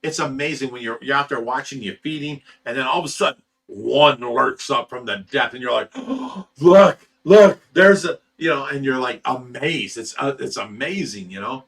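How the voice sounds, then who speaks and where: A laid-back man from the United States hosts a relaxed livestream, chatting with viewers in a bright, forceful voice. He chuckles a lot and rambles with plenty of "you know" fillers, keeping things casual. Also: medium pitch, fairly quick, gravelly. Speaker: livestream host reading chat. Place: fish rescue facility.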